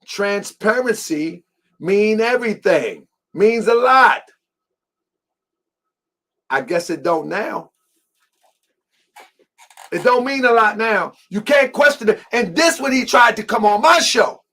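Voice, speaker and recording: A man's voice: sits high, expressive, slow, pauses often, pushed and bright. A man hosting a heated commentary, repeating his points emphatically and confrontationally. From Baltimore, US. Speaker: host.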